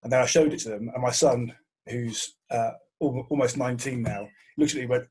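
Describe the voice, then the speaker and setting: A man's voice: mid-range voice, fairly quick, a little mellow, husky. A middle-aged man, a TV presenter hosting over a video call, talking in a friendly, reflective way with stammered starts. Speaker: host and TV presenter. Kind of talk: casual video-call conversation.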